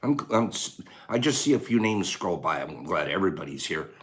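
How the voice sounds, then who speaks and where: A man's voice: sits low, a little fast. A man hosting a casual live stream with a scratchy voice, greeting viewers, joking and breaking into laughter. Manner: animated, bursts of laughter and loud exclamations.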